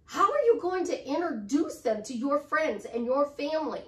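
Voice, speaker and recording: A woman's voice: high voice, big pitch swings, normal speed, hardly any pauses. A middle-aged woman life coach chatting to camera in an upbeat way, repeating affirmations with chatty asides. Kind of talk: casual motivational talk to camera. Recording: roomy sound, distant from the mic.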